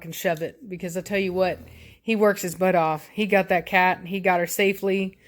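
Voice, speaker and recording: A woman's voice: on the low side, fairly even intonation, normal speed. A woman, a dog breeder rambling through a casual story at home. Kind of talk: casual vlog chat. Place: home indoors with puppies.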